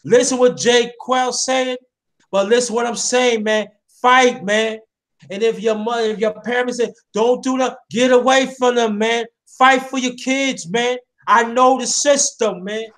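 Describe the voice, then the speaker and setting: Very high-voiced impassioned male host. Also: fairly even intonation, a little slow, a bit bright. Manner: preachy, repeats himself, addresses listeners directly. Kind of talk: impassioned casual chat.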